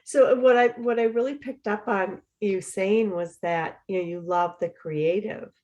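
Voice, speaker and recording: A middle-aged woman hosting a podcast, talking in a relaxed, chatty way with lots of fillers. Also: medium pitch, measured pace, lo-fi sound. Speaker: podcast host. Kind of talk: casual conversational chat.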